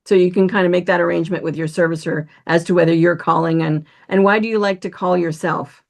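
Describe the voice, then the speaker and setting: Here is a woman hosting a podcast interview in a lowish voice with a lot of vocal fry. She asks questions and sums up her guest's points. She often checks in with "right?". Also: fairly even intonation, quick pace. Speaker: podcast host.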